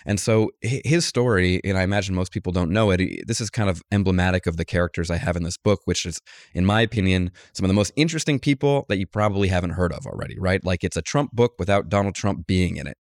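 A man with a fairly low voice, recorded close and dry with no room sound. He talks casually as a guest, telling an animated story and acting out the quotes of the people in it. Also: fast, dry recording. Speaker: guest author, political journalist. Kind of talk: conversational interview.

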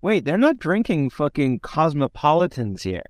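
A man hosting a casual interview, relaxed and swearing a little. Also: on the high side, normal speed, no room sound. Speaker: podcast host.

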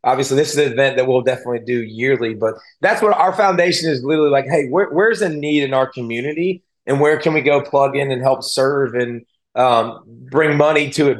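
A former football player and analyst, a man, talking as an interview guest, telling stories earnestly and emotionally with many restarts. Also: mid-range voice. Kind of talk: casual interview talk.

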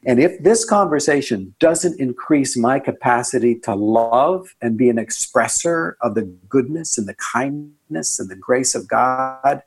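A man being interviewed as a guest author on a podcast, talking in a reflective, earnest way and sometimes leaping up in pitch for emphasis. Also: lively intonation, a little slow, few pauses, husky.

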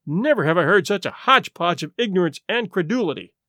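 A man's voice: sits high, animated, quick pace, fairly bright tone, no echo. A man voicing an irate elderly expert scholar who blusters with contempt. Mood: contemptuous rage. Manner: snorting, blustering.

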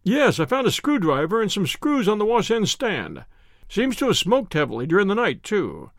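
A man's voice: sits high, wildly swooping pitch, moderate pace, no echo, studio quality, heavily acted. A man voicing a hearty, plain-spoken male police inspector in a period detective tale. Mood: matter-of-fact.

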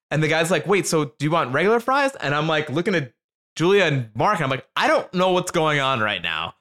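A man hosting a casual chat, telling a comic story with lots of swearing and acting out his friends in high voices. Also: sing-song, a little fast, fairly bright tone.

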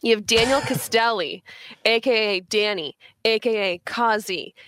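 A woman co-hosting a radio show in casual chat, reading out a list with quick asides. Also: a little high, a bit bright, no echo. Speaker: radio co-host.

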